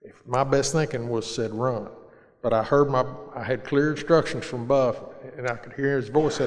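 A man's voice: medium pitch, steady tone, moderate pace. A middle-aged man earnestly sharing his recovery story, plain-spoken, with restarts. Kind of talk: personal storytelling talk. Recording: long reverb of a large hall.

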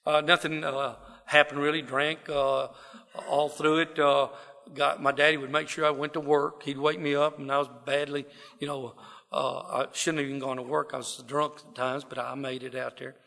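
This middle-aged man from South Texas, drawl and all, shares a self-deprecating, folksy account of his recovery before a live audience. He speaks at a moderate pace in a slightly high, fairly flat voice with vocal fry and a sharp edge, ringing through long hall reverb.

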